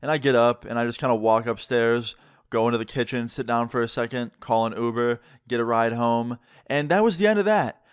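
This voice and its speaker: A young man chatting through a storytime for his channel, voice sitting at an ordinary middle pitch. He tells it casually and excitably, leaning on "like" as he goes. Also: brisk, smooth. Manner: casual, excitable retelling with frequent "like". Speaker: vlogger. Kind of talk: storytime vlog.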